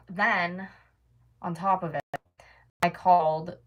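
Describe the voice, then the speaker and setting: A woman's voice: fairly low pitch, steady tone, very slow, rough recording. A woman in her twenties from North America, venting in a casual storytime rant, swearing and filling her speech with "like". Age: 20s. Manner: exasperated, venting, swears often, many fillers like "like". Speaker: vlogger.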